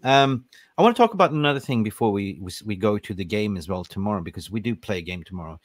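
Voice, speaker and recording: A man's voice: on the low side, fast talker, no room sound. Podcast host, male, heated and emphatic, dry close sound. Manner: animated, emphatic ranting. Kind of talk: casual football podcast chat.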